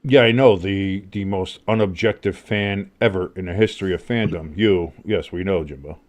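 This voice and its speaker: A man with a low-pitched voice hosts a live football stream, calling play-by-play at a normal speed. His delivery is rambling, excitable and casually profane.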